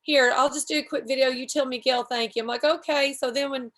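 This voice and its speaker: A chatty woman talks on a podcast in a fairly high, easygoing voice. She tells long, rambling stories and pokes fun at herself as she goes. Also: steady tone, fairly quick, a bit bright. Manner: rambling, self-deprecating, chatty. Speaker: podcast guest. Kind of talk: casual storytelling chat.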